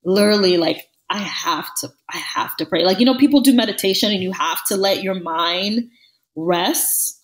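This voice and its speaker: A woman co-hosting a podcast in casual chat, talking in an animated, emphatic way and repeating phrases for stress. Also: medium pitch, moderate pace, rough recording. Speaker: podcast co-host.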